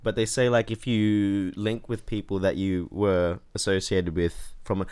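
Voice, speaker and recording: A man's voice: lowish voice, level tone, a little slow, darkish tone, clean tone, no echo. A man, co-hosting a casual podcast and rambling with lots of fillers. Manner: rambling, full of "like" and restarts. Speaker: podcast co-host. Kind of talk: casual chat.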